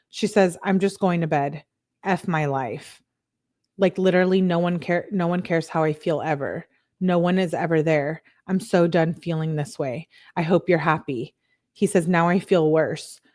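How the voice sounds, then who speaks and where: Female host, lower register, dry close sound; reads texts aloud, tags each speaker, adds comments. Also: a little mellow, no echo. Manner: plain read-through, tagging each message with who said it. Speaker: true crime channel host. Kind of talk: reading text messages aloud with commentary.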